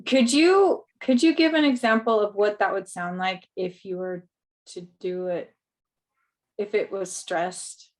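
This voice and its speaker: A woman student asking a question in an online class, halting and unsure of her wording. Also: medium pitch.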